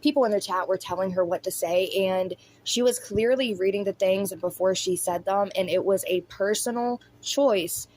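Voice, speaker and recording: A woman's voice: mid-range voice, moderate pace, hardly any pauses, a little mellow. A woman hosting a critical commentary video, blunt, sarcastic and profane. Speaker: commentary host.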